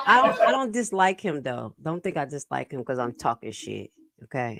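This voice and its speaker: A woman's voice: a bass voice, big pitch swings, moderate pace, gravelly, fairly bright tone. A woman hosting a live stream, commenting on meeting clips in a sassy, profane, emphatic way.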